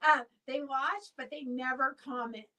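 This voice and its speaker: A woman's voice: high voice, fairly even intonation, a little slow, pushed and bright, distant mic, low-quality recording. A woman who owns a fabric shop hosts a live sale stream, chatting in a rambling way and calling out auction winners by name.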